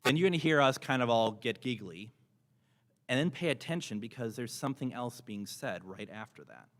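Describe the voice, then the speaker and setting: A man with a mid-range, animated voice speaks at normal speed as a paranormal investigator giving a casual convention panel talk to a live audience, chatty and enthusiastic and often restarting his sentences. He has a microphone in front of him, and the recording of the panel room is noisy, with clicks.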